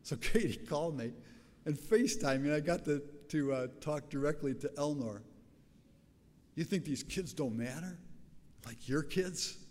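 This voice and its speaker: An older man, a pastor with a raspy voice, preaching a sermon in a conversational, storytelling way with frequent restarts. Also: on the high side, lively intonation, moderate pace, darkish tone, long reverb tail.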